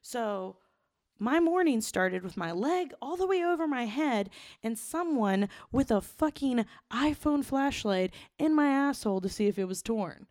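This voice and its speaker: A young woman co-hosting a podcast, telling a raunchy story in blunt, profane, animated casual talk. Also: high-pitched, normal speed, no room sound, studio quality. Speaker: podcast co-host.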